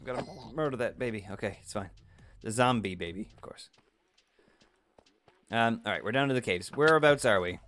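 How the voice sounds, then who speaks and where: A man's voice: fairly low pitch, moderate pace, long pauses, a bit bright, a little hiss or hum. A man hosting a let's play video, talking through his game in a jokey, self-deprecating way and yelping at sudden surprises. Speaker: gaming video host.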